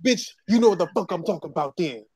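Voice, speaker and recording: A man co-hosting a podcast, joking around in loud slang banter during casual chat. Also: high-pitched, lively intonation, fast talker, slightly rough, dry recording, studio quality. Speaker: podcast co-host.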